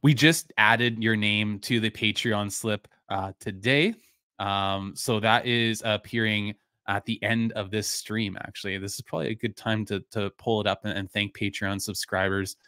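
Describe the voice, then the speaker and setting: A man hosting a live stream, chatting casually and answering viewers in a loose, rambling way with lots of fillers, his voice going a little hoarse. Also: on the low side, moderate pace, no echo, clean studio sound. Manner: relaxed, rambling, many fillers and restarts. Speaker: live-stream whisky reviewer, host.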